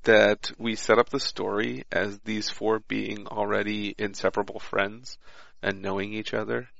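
A man's voice: fairly low pitch, little pitch movement, unhurried, vocal fry, a bit bright, no echo, muffled recording. A man chatting about a tabletop game and reading his character notes aloud, with small stumbles.

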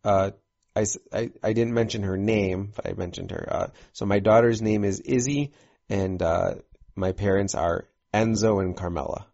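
Very deep gravelly-voiced man. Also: normal speed, darkish tone, lo-fi sound. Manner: explains at length with fillers like "you know". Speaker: tabletop game player. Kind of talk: casual chat.

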